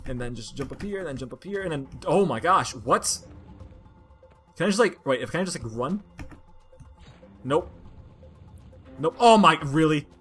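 A woman giving casual commentary over a platformer, talking to herself in frustration and bursting into loud complaints. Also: deep voice, expressive, moderate pace, long pauses, slightly rough, soft background music. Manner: exasperated, frustrated self-talk that bursts into loud outbursts. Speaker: let's play gamer.

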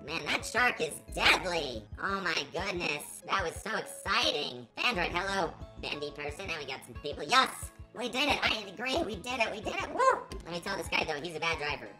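A woman hosting a let's play, reacting dramatically with panicky yelling and pleading. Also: fairly low pitch, animated, normal speed, hardly any pauses, poor audio. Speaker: gaming channel host. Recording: voice over game music.

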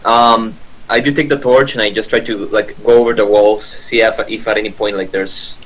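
A man's voice: fairly low pitch, fairly even intonation, normal speed, fairly bright tone, rough recording. A man playing a tabletop game, describing actions hesitantly with many fillers. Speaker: player. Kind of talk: tabletop role-play.

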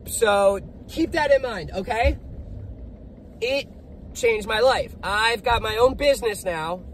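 A man's voice: high voice, slow, a little hiss or hum, rough recording. A man who is a generator technician and small business owner, talking in a blunt, profane, upbeat vlog between jobs. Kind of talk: casual motivational vlog.

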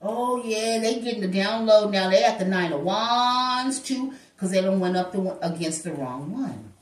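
A woman's voice: medium pitch, normal speed, distant mic. A woman giving a spiritual tarot reading in a sassy, preacher-like way. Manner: animated, sassy, preacher-like, acts out voices in quotes. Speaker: tarot reader. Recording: echoey room, voice from off-mic.

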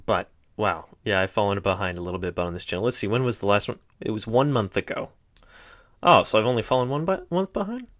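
A young man vlogging unscripted, chatty and self-mocking, often trailing off into quiet mutters. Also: lowish voice, expressive, quick pace. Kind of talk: unscripted rambling vlog.

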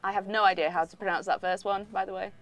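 A woman's voice: mid-range voice, steady tone, fast talker, a bit bright, faint music behind. A woman with a British accent hosting a livestream in casual chat, playful as she reads out viewer questions. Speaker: stream host.

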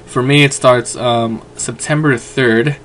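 A young man chats loosely to the camera from home, rambling and circling back with plenty of fillers. His voice sits at an ordinary middle pitch, and a faint hum runs underneath the recording. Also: steady tone, takes it slowly, a bit bright. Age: young adult. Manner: rambling, chatty, lots of fillers. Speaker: vlogger. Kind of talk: casual vlog rant.

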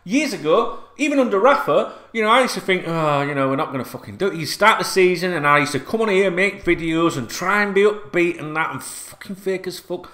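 Fan vlogger, man, high bright voice, rambling, sweary, prone to shouting, echoey home room. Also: lively intonation, brisk, hardly any pauses. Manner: swears a lot, rambling, repeats himself, bursts into shouts. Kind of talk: excited unscripted video rant. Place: at home, sitting.

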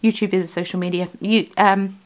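A woman's voice: medium pitch, steady tone, a little fast. A British woman, the host of a crafting vlog, chatting casually from her home studio, rambling and correcting herself as she goes. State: has the hiccups. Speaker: yarn dyer and vlogger.

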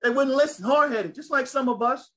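A man preaching a sermon, lively and conversational, calling out to his listeners. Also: very high voice, a little fast, rough recording. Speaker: pastor.

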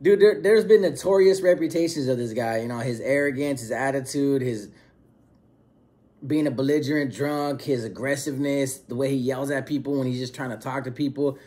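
A man's voice: medium pitch, fairly quick, dark tone. A man casually telling a story, using street slang and acting out quoted dialogue. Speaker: storyteller recounting prison experience.

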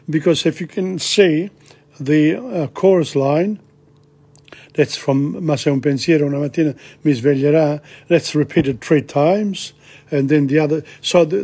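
A middle-aged man teaches a language lesson by going through song lyrics line by line. He talks in a slow, halting way, repeating himself as he explains, and his voice is slightly high and husky. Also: a little mellow.

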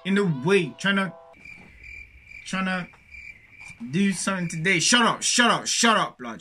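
A young man hypes up a reaction video in street slang, his pitch high and his tone sharp and forceful. He bursts into shouted interjections. A music track plays faintly underneath. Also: big pitch swings, a little slow, pauses often. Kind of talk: hyped casual reaction commentary. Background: music track playing faintly.

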